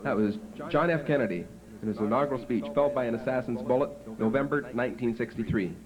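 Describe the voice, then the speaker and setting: A man's voice: mid-range voice, quick pace, natural voice, low-quality recording. A man doing a dutiful little schoolboy. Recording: home video with festival crowd.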